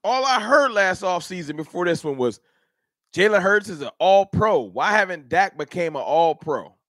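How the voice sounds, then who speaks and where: High-pitched, fired-up fan show host. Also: male voice, big pitch swings, moderate pace, fairly bright tone, dry recording, studio quality. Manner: heated, rhetorical, talks straight to chat. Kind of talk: animated live-stream sports rant.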